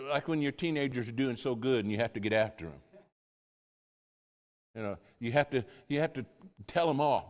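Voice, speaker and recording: Older American man preaching in a reverberant hall. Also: medium pitch. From United States. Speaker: missionary pastor. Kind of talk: sermon-style storytelling.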